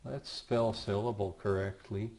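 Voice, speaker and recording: Male teacher, unhurried delivery, patient explainer, occasional wry aside about his own mistakes. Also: lowish voice, steady tone, a little mellow. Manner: self-deprecating asides. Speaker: Greek teacher. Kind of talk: recorded lecture.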